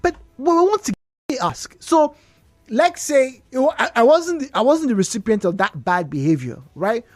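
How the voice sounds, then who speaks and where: A woman's voice: a little high, normal speed, no echo, faint music behind. A Nigerian woman hosting a radio call-in talk show, telling stories with emphatic repetitions. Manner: animated storyteller, emphatic repetitions. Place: radio studio. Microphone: studio microphone.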